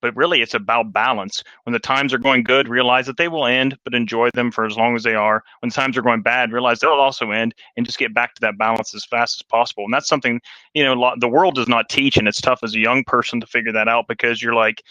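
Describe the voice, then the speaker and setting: A man talking casually on a Christian podcast, animated and telling stories with acted-out quotes. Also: medium pitch, quick pace, dry recording, rough recording. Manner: animated storyteller, acts out quotes.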